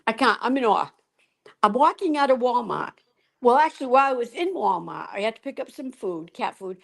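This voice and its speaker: An older woman who runs an animal rescue, speaking on a video call, excitable and repeating herself. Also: sits high, a little fast, creaky. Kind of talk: casual chat on a video call.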